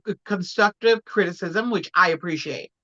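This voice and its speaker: A woman from Puerto Rico chatting casually as a guest, telling stories in an animated way. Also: on the low side, normal speed, highs cut off. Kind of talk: casual chat.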